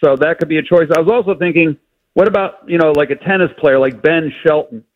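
A man's voice: a little high, fast talker. A man calling into a sports radio show, rambling through suggestions with many fillers. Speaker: caller. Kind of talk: radio call-in. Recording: dull phone-in line.

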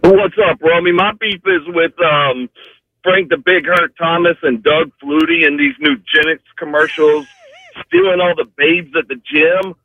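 A man's voice: fairly high pitch, animated, a little slow. A man calling in to a sports radio show, making a joking, incredulous complaint. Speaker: caller. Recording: gravelly voice over a dry tinny phone line.

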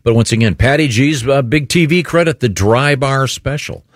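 A man's voice: mid-range voice, normal speed, no room sound. A man hosting a show in casual studio banter, chatty and enthusiastic. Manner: chatty, plugs a guest's special with enthusiasm. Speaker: radio show host.

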